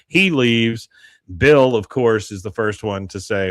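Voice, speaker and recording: A man's voice: mid-range voice, takes it slowly, no room sound. A man hosting a podcast, chatting casually through a show recap, laughing often and filling his speech with uhs. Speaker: podcast host. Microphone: close mic, live stream.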